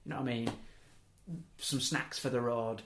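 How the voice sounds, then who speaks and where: Young guy rambling thru a story, mid pitch, echoey room. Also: steady tone, normal speed, a bit bright, a little hiss or hum. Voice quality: rambling, self-interrupting, chuckling asides. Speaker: podcast host. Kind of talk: casual storytelling chat.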